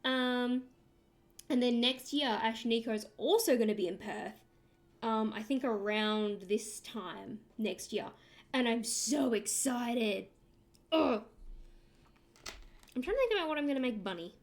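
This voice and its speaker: While drawing on a livestream, a young Australian woman with a slightly high voice chats casually and animatedly. She rambles, trails off mid-thought and reads out and answers her chat loosely, at a measured pace with long pauses.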